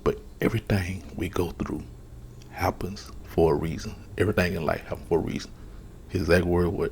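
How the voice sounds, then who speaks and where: A man with a very breathy, soft voice, slowly telling a personal testimony as ASMR. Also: fairly low pitch, slight background noise. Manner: slow, hushed, earnest retelling. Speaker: storyteller.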